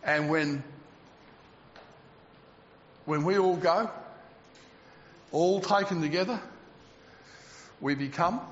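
High, slow preacher in echoey hall. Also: male voice. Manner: animated preaching with humour, drawn-out emphasis. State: out of breath. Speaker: pastor. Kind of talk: sermon. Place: church hall. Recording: echoey hall, slightly dull sound.

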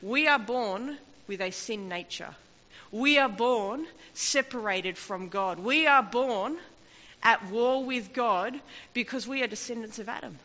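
A woman delivers an impassioned sermon, her bright, fairly high voice rising and falling with emphasis. The sound is dull and lo-fi, with a long reverb trailing through a large hall. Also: measured pace. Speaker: preacher.

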